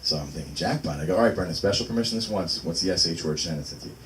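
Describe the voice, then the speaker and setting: A man's voice: low-pitched, very fast. A man in his thirties doing open mic stand-up in a small venue, rambling and interrupting himself with fillers. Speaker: stand-up comic. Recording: distant mic with loud room noise.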